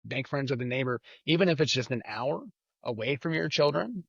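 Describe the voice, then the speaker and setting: A man's voice: medium pitch, lively intonation, brisk, creaky, a bit bright, slightly rough, no room sound, muffled recording. A man chatting as a podcast guest, rambling and leaning on repeated filler phrases. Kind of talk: casual chat.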